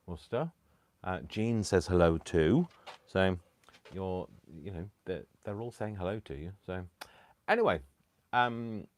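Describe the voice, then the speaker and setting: A man hosting a craft live stream from home, chatting casually with self-mocking, rambling asides. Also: sits low. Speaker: craft channel host. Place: home, indoors.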